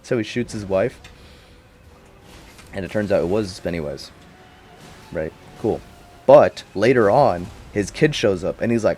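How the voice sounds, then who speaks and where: A young man with a lowish voice rambles through a loose recap, loaded with slang and casual swearing. He jumps from point to point in an unscripted, chatty delivery. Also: lively intonation, a little slow, long pauses, darkish tone, breathy edge, soft background music. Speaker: vlogger.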